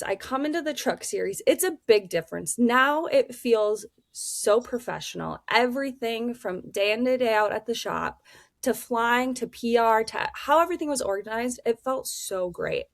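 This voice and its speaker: Blunt, animated young woman race driver. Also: a little high, gravelly, no room sound. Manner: blunt, animated, swears freely, acts out dialogue. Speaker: race car driver, interview guest. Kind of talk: candid casual storytelling.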